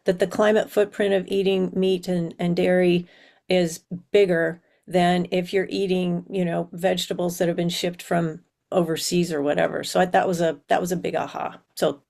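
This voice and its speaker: A woman attendee jumping in with a quick, eager point in an online meeting. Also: fairly low pitch, little pitch movement, gravelly, a little mellow. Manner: hurried, eager to add a point.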